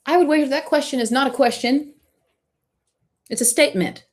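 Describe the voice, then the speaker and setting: A woman whose voice sits high talks fairly quickly while running a live-stream Q&A. She coaches artists emphatically and directly, offering the questioner warm encouragement.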